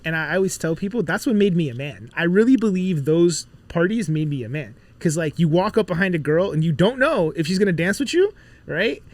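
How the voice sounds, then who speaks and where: Animated Miami man telling stories. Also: fairly high pitch, fairly quick, dry recording. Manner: animated storyteller, acts out quotes. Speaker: podcast guest, musician. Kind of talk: casual storytelling chat.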